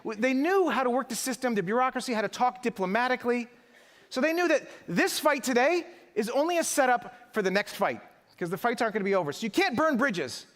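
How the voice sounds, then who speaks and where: A man's voice: very high-pitched, lively intonation, a little fast, fairly bright tone. A middle-aged man giving a live keynote speech at a conference, rhetorical and emphatic, working the audience. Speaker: conference speaker. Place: large conference hall. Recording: echoey conference hall.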